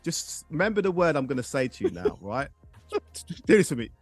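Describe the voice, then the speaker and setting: A middle-aged man from England hosting a podcast in casual chat, excitable and quick to laugh. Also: mid-range voice, dry recording, faint music behind. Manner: excitable, directs the game, laughs often. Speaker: podcast host.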